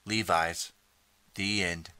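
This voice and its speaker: A man narrating an interactive audiobook in steady, scripted second-person storytelling. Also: sits low, takes it slowly, smooth, no room sound. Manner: steady storytelling, reading out page choices.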